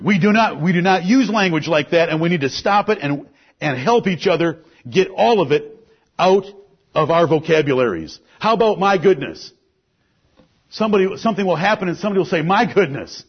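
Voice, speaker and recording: A man preaching a sermon, emphatic, rising to loud peaks and then dropping low. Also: lively intonation, a little fast, husky. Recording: muffled lo-fi recording.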